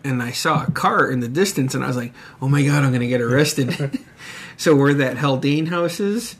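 A man's voice: mid-range voice, animated, moderate pace, slightly rough. A man casually telling a rambling story in a podcast chat, swearing often and laughing along. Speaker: podcast co-host.

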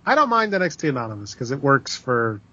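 A man's voice: mid-range voice, sing-song, fast, pushed and bright, dull audio. A man co-hosting a podcast in casual chat, blunt and profane with dry sarcasm. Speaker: podcast co-host.

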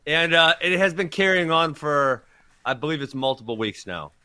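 A man co-hosting a casual podcast chat, rowdy and quick to laugh as he tells stories. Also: on the high side, expressive, pushed and bright, clean tone, dry recording. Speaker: podcast co-host.

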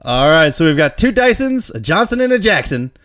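A man's voice: on the high side, big pitch swings, a little fast, a bit bright. An upbeat man hosting a casual trivia game show, laughing easily.

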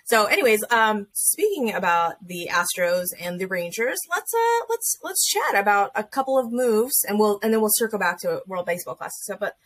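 Woman host, animated chat, acts out quotes. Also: mid-range voice, normal speed, few pauses. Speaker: podcast host. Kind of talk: casual chat.

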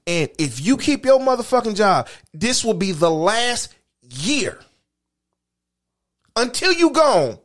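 A man's voice: sits high, very animated, takes it slowly, long pauses, a bit bright. A man, co-hosting a podcast, ranting about football in crude, heated casual talk. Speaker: podcast co-host. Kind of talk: crude casual chat and sports rant.

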